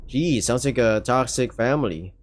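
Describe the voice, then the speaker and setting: A man with a Filipino accent plays through a story game on stream, stopping to joke and ramble as he stumbles over his own words. His voice sits at an ordinary middle pitch. Soft game music plays underneath. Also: lively intonation, normal speed. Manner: rambling, self-interrupting, jokey asides. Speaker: streamer reading a visual novel aloud. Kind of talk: casual let's-play commentary and reading.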